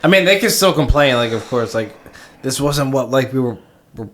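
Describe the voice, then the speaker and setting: A man's voice: medium pitch, lively intonation, normal speed, a bit bright. A man chatting on a podcast in a rambling, casual way, now and then acting out other people's voices. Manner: rambling, acts out quoted voices. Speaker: podcast guest. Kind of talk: casual chat.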